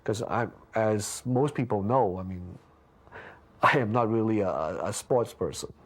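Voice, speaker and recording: A man being interviewed, casually telling a story with lots of restarts and stammers, jumping up in pitch when he acts out what people said. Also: unhurried. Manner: lively anecdote with frequent restarts and stammers; acts out quoted lines with big pitch jumps.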